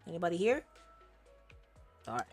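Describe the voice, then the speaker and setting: A woman's voice: on the low side, very animated, moderate pace, darkish tone, faint music behind. Playful woman streaming a video game. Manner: playful, chatty, reads game dialogue aloud. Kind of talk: casual game commentary.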